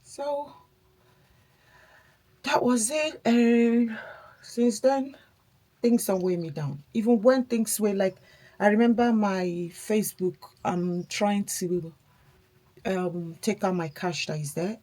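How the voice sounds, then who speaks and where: A woman's voice: medium pitch, takes it slowly, pauses often, mellow. A woman chatting casually while doing her makeup, a mother talking in a reflective, encouraging way. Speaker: beauty vlogger, mother.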